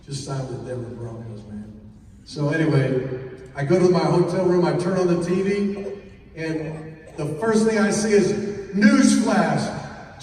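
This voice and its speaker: A man's voice: a little high, unhurried, a little mellow. A middle-aged man from Florida giving a humorous, self-mocking banquet speech, acting out the dialogue in his stories. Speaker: banquet speaker. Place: large banquet hall. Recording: echoey hall from far off, faint ambience.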